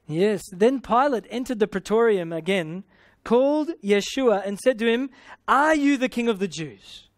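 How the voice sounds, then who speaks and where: High-voiced Australian preacher, dry sound. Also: male voice, animated, normal speed, few pauses, no room sound. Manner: exclamatory, punctuating with hallelujah and amen; playful, paraphrasing scripture in everyday speech. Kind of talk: sermon teaching.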